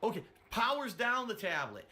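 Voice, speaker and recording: Rambling man with a bright, lively voice. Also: sits high, moderate pace. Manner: rambling, profane, flustered retelling. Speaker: streamer telling a story. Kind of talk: rambling anecdote.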